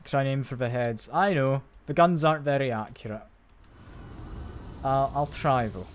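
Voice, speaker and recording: A man's voice: medium pitch, normal speed, slight background noise. A man giving live commentary while playing a shooter game, thinking aloud and making wry, self-mocking jokes. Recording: loud game gunfire and ambience behind voice.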